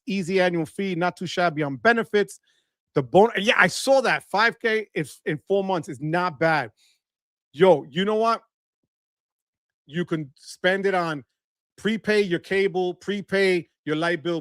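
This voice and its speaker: A middle-aged man, hosting a casual livestream, reading out viewer comments in an animated, playful way. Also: sits high, no echo, studio quality. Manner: animated, playful, shouts catchphrases. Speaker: livestream host.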